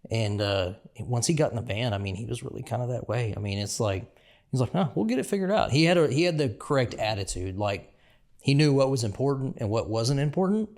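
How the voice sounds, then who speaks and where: A man's voice: medium pitch, lively intonation, a little fast, a little mellow. A man co-hosting a casual podcast, telling a work story in a laid-back way. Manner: laid-back, easygoing, with fillers and restarts. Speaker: podcast co-host, former frac field worker.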